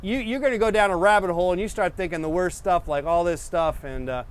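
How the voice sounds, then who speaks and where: A man's voice: high-pitched, fast, clean tone. Easygoing middle-aged man rambling on. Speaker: painting show host. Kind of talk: casual rambling chat to viewers.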